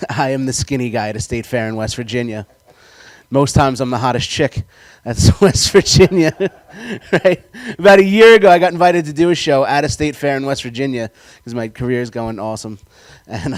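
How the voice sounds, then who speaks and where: A man doing a stand-up comedy set, telling loud, excitable, self-mocking stories. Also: medium pitch, no echo. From New York.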